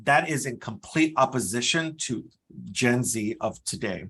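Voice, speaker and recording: Middle-aged male guest, bright and forceful, animated storyteller. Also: mid-range voice, unhurried, slightly rough. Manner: animated storyteller, mimics voices in quotes. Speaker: guest, career services dean. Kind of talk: conversational interview.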